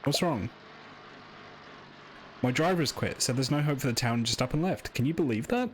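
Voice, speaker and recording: A man's voice: medium pitch, animated, normal speed, a little hiss or hum, pitched above the performer's own voice, close to an everyday voice. A man voicing a weary small-town shopkeeper in a raised, mournful voice. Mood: glum.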